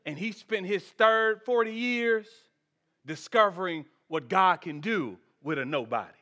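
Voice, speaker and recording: High, bright-voiced preaching pastor. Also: male voice, unhurried. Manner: animated preaching, swings from shouted peaks to soft asides; humorous, conversational asides to the congregation. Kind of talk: sermon.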